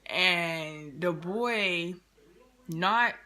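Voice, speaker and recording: A young woman telling a casual storytime to her viewers, animated and slangy, laughing often as she goes. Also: on the low side, extremely slow. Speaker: vlogger.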